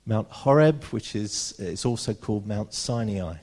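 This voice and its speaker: A British man preaching a sermon, reading scripture aloud and slowing down for emphasis. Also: on the low side, expressive, darkish tone. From Britain. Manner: earnest, slows down for emphasis, reads scripture aloud.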